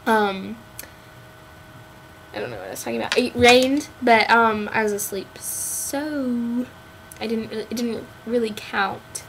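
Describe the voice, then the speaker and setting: Slow, rambling young woman. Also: on the high side, vocal fry, a little hiss or hum. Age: young adult. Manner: rambling, jokey, giggly. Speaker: college student. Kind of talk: casual video message to a friend.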